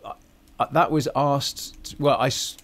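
A man's voice: medium pitch, steady tone, measured pace, a bit bright. A man hosting a podcast in casual, chatty talk, self-deprecating and full of ums and restarts. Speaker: podcast host.

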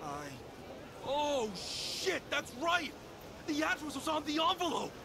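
An actor playing a brash, excitable, hot-headed young man in a video game, given to loud outbursts. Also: extremely high pitch, slow, background noise, heavily acted. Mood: grateful.

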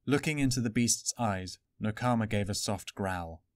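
A man's voice: fairly low pitch, moderate pace, no echo. Man reading a fantasy story. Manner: even, steady storytelling. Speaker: narrator. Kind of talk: audiobook fan reading.

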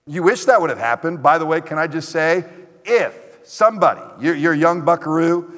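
Male pastor, high voice, emphatic repeated exhortations, reverberant church hall. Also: normal speed, fairly bright tone. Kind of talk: sermon. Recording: echoey hall.

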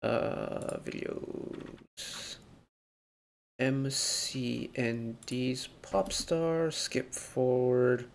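A man's voice: medium pitch, very slow, vocal fry, slight background noise. A man hosting a music reaction video, talking through the song in an analytical, rambling way with lots of fillers. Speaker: K-pop reaction host. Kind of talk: casual reaction commentary.

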